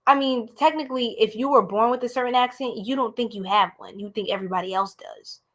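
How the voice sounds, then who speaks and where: A young woman from the United States, her voice a little high and her pace quick, is doing a live-streamed tarot reading. She's chatty and animated, addressing her viewers directly as "y'all."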